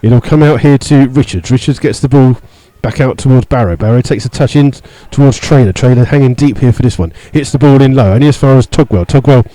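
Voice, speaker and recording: A man giving live radio football commentary from the stand, steady play-by-play with many fillers, rising sharply when he disputes a call. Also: mid-range voice, a little fast, hardly any pauses, no echo, rough recording. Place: stadium stand among fans.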